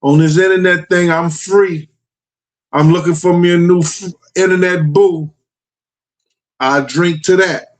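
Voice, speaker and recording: A man's voice: sits high, fairly even intonation, measured pace, pauses often, low-quality recording. A middle-aged man hosting a livestream and talking frankly and profanely to his chat. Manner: blunt, profane storytelling. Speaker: livestream host. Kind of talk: casual livestream talk to chat.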